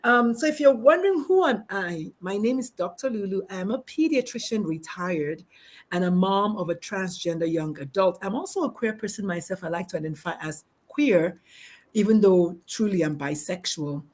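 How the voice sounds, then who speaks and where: A middle-aged woman hosting a live-streamed casual chat from her backyard, bubbly and animated, laughing often and restarting sentences. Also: mid-range voice, moderate pace. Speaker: talk show host. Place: backyard, outdoors.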